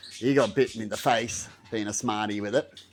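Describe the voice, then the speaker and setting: Australian man, lowish voice, casual rambling storyteller who acts out bits loudly. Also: steady tone, moderate pace, a little hiss or hum. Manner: rambling, acts out scenes with loud exclamations. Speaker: vlogger.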